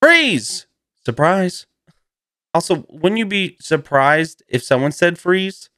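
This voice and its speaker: A man's voice: on the high side, a little slow, a bit bright, dry recording, clean studio sound. Rambling man hosting a comedy monologue. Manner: rambling and playful, laughs often, jumps into goofy voices. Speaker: host.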